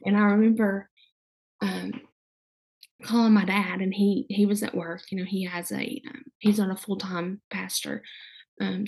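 A young woman guest speaking candidly in casual conversation, halting, with many fillers and restarts. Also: mid-range voice, a little mellow, breathy edge.

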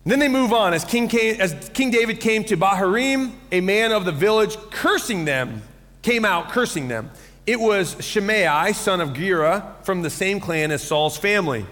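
A man preaching with a high, bright-sounding voice that carries through a large church hall with a long reverb tail. He tells stories animatedly, acting out quotes and laughing as he goes, in a warm pulpit sermon style. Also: lively intonation, normal speed. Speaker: pastor.

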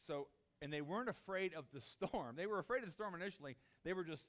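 A man's voice: a little high, lively intonation, quick pace, a bit bright. A man preaching a sermon, acting out the disciples' pleas in a raised voice. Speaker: pastor.

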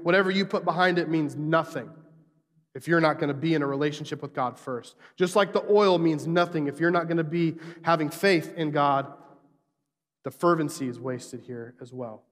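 A man preaching a sermon, retelling a scripture story in a lively storytelling manner. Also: a little high, big-room sound. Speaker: pastor.

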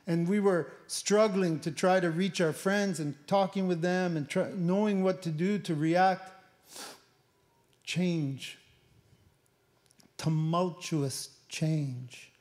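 A middle-aged man with a fairly high voice tells a personal testimony. He speaks haltingly and often repeats words as he gropes for what to say. The delivery is emotional and heartfelt. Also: darkish tone. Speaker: missionary speaker.

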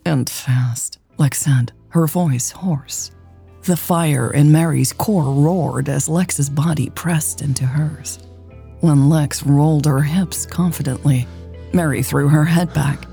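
A woman narrating a romance story in a slow, soft, intimate way, with faint music behind. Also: low-pitched, creaky, breathy edge.

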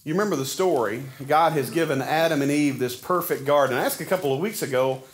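A man's voice: fairly high pitch, fast talker. A man, preaching a sermon to his church in a folksy, conversational way with frequent restarts. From Arkansas. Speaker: pastor. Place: church sanctuary.

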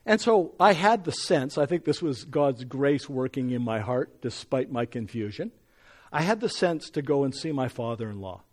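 A man's voice: mid-range voice, lively intonation, normal speed. A middle-aged man preaching, telling a personal story and building to emphatic scripture reading. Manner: earnest, rising to emphatic when reading scripture.

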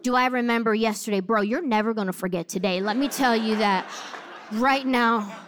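A woman in her thirties with a high, light voice delivers a sermon. She tells a story from her own life with humor and animated, lively timing before she turns to scripture. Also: normal speed. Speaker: preacher.

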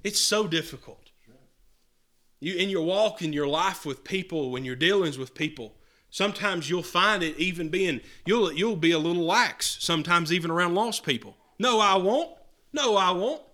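Male preacher, somewhat high voice, bright and forceful, earnest sermon with scripture reading. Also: normal speed. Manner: earnest, repeats and restarts words, reads verses aloud.

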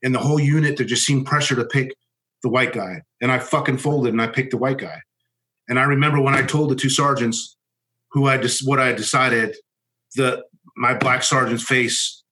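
A former Marine officer telling a personal story in a candid, halting way, restarting sentences and swearing bluntly. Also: male voice, mid-range voice, steady tone, bright, forceful tone, poor audio.

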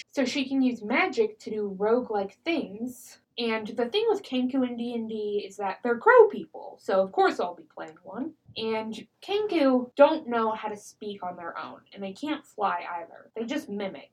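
A woman chatting casually on a podcast, animatedly telling tabletop game stories, laughing often and slipping into character voices. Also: on the high side. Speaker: podcast guest. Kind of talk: casual storytelling chat.

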